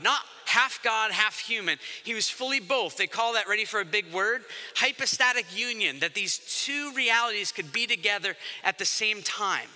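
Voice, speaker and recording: A pastor who grew up by the ocean preaches to a congregation in a conversational, joking style, acting out quotes in different voices. His high voice is pushed and bright, with long hall reverb on the recording.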